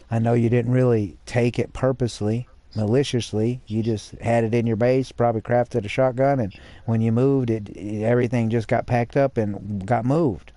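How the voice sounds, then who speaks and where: A blunt man rambles on about an online game, swearing as he goes. His voice is mellow and dark. The recording is dry, with no room sound. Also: mid-range voice, steady tone, moderate pace, no room sound. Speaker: streamer. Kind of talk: casual chat about a game.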